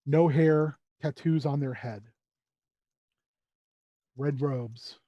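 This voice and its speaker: A man narrating as game master of a tabletop role-playing session, relaxed and unhurried. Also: on the high side, no echo, highs cut off.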